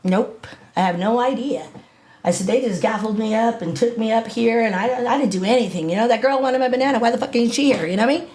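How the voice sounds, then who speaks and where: A middle-aged woman sits in as a guest and talks in a loose, streetwise way, swearing freely and acting out what she and others said. Her voice sits a little on the high side. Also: fast talker, darkish tone. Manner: blunt and profane, with lots of filler and self-quoting. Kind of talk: casual storytelling in an interview.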